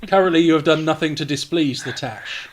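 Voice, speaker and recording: Man, game master, chatty and quick, slightly high voice. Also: a little hiss or hum. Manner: chatty, laughing, quick rulings. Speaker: dungeon master. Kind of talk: running a live tabletop game.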